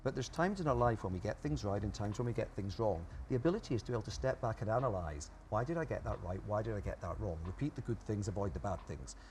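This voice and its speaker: A man's voice: fairly low pitch, expressive, quick pace, hardly any pauses, darkish tone, a little hiss or hum. A man being interviewed as an expert, explaining ideas emphatically and listing his points one by one. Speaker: guest expert. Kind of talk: interview answers.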